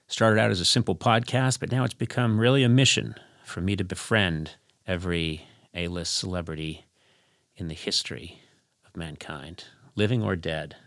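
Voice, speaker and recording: A man's voice: low-pitched, normal speed, fairly bright tone. A man hosting a comedy podcast, chatting playfully and drifting into silly bits. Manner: playful, jumps into silly voices. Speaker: podcast host. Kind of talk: casual comedic chat.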